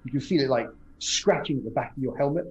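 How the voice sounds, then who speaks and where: A man's voice: medium pitch, highs cut off. A man running a tabletop game as game master, describing the action with frequent ums and restarts. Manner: halting, many ums and restarts. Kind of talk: narrating a tabletop horror game.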